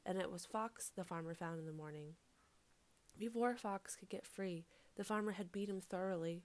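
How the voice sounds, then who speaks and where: Expressive woman telling a folk tale. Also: fairly low pitch, moderate pace. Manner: expressive, repeats phrases for rhythm. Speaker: storyteller.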